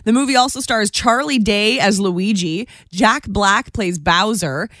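A woman's voice: mid-range voice, unhurried, a bit bright, dry recording, clean studio sound. A woman co-hosting a radio show, chatting playfully about entertainment news and laughing often. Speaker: radio co-host. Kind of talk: casual entertainment news chat.

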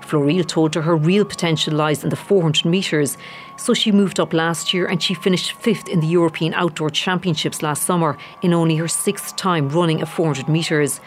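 A reporter narrating a scripted sports feature in a measured news voice-over. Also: medium pitch, fairly even intonation, slight background noise. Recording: voice-over with faint music.

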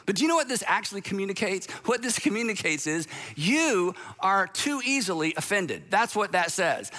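Male speaker, sermon-style delivery, high and bright, lively, slips into quoted voices. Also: moderate pace, few pauses. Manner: animated, acts out the voices of people he quotes. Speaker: speaker addressing an audience.

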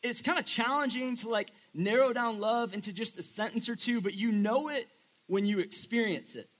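A man's voice: very high voice, moderate pace, fairly bright tone. A young man preaching a casual sermon to a live audience, chatty and joking with lots of filler words.

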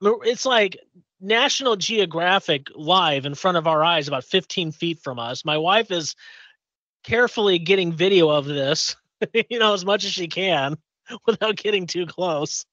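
A man's voice: sits high, lively intonation, measured pace, fairly bright tone, dry recording, highs cut off. A man from Indiana co-hosting a podcast, chatting casually and telling a long story with many fillers and restarts. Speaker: podcast co-host. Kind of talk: casual chat.

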